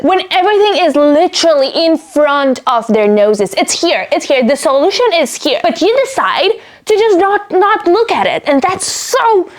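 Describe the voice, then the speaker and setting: A young woman talking casually in a reading vlog, getting animated and worked up as she reacts. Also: high voice. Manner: animated, gets loudly worked up. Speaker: book vlogger.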